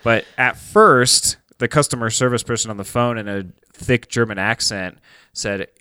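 A man's voice: medium pitch, moderate pace, sharp tone, clean tone, no room sound. A man co-hosting a podcast, chatting casually in a rambling way with lots of fillers. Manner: rambling, filler-heavy, enthusiastic. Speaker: podcast co-host.

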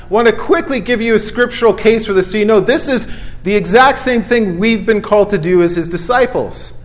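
A man preaching a sermon in a conversational way, punching out short emphatic phrases and often checking in with his listeners. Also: high voice.

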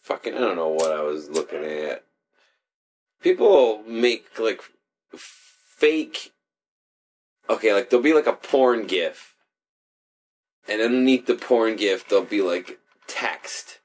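A man's voice: on the low side, expressive, slow, long pauses. A young man co-hosting a casual chat, telling rambling stories full of swearing and laughter. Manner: profane, laughing, rambling storyteller. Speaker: podcast co-host.

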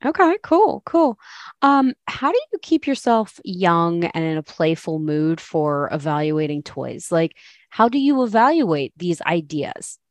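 A woman hosting a podcast, asking questions in a quick, upbeat way. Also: lowish voice, very animated, no room sound. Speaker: podcast host. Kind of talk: interview questions.

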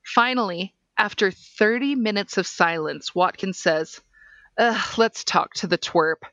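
A woman reads a case transcript aloud at an unhurried, deliberate pace, laying out each timestamp. Her voice is dry and close, with nothing of the room around it, and she sits at a middling pitch for a woman. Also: animated, fairly bright tone, no echo. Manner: measured, deliberate reading.

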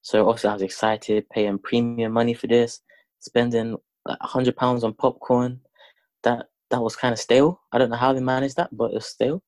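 A man's voice: medium pitch, flat delivery, fairly quick, a little mellow, dry recording. Laid-back man, dry close mic. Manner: laid-back, teasing, steers the talk. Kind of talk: casual chat.

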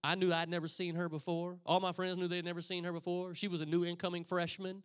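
A middle-aged man, a pastor preaching a sermon as a lively story and acting out the voices of the people in it. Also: sits high, fast talker, few pauses, smooth, dry recording, clean studio sound. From Texas. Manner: animated, acts out voices of friends and himself.

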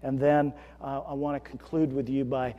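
A man preaching a sermon as pastor, earnest, swelling into emphatic storytelling and dropping to a hush. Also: medium pitch, little pitch movement, moderate pace, in a large hall, lo-fi sound. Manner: earnest, rising to emphatic storytelling then hushed.

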